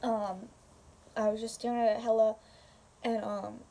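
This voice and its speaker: Young woman, casual vlog storytelling, fillers and swearing, slightly high voice. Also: little pitch movement, a little slow, warm tone. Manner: rambling, lots of filler and swearing. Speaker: vlogger. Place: home room.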